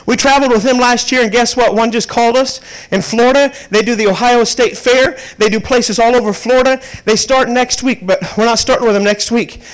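Man, 30s, evangelist preacher, very high voice, storytelling sermon. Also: steady tone, brisk, few pauses, low-quality recording. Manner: storytelling, rising to fervent preaching. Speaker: traveling evangelist.

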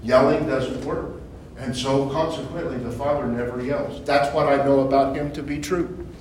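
A man preaching informally to a small group, conversational, repeating phrases and asking rhetorical questions, building to loud emphatic bursts. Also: medium pitch, fairly even intonation, moderate pace. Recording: echoey room from far off, faint noise.

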